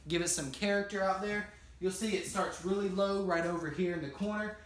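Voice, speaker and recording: A man whose voice sits high tours a small manufactured cottage at a brisk clip, selling it to viewers with upbeat energy and frequent "guys." The recording is low quality and reverberant.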